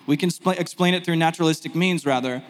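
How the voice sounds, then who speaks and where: A man teaching a sermon in a conversational, animated way, with self-deprecating asides. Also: fairly high pitch, fast, big-room sound. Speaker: pastor.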